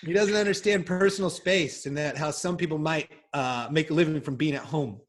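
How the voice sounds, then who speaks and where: A man's voice: fairly high pitch, fairly quick. A man on a podcast, chatting casually and telling rambling, profane stories. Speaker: podcast guest. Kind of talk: casual chat.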